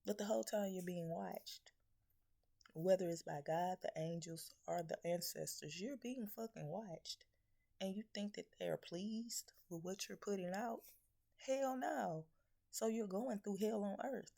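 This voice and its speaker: Speaking a little slowly with vocal fry and a dark, medium-pitched voice, this spiritual reader scolds her viewers in a blunt, profane preaching message. She leans heavily on rhetorical questions.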